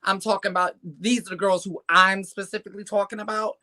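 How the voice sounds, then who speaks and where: Bright-voiced woman chiming in. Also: mid-range voice, steady tone, a little fast. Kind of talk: casual podcast chat.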